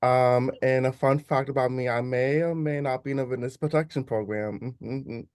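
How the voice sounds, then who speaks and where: A man introducing himself in a theatrical, mysterious way, slowing down for effect. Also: mid-range voice, fairly even intonation, darkish tone, clean tone, no room sound, clean studio sound.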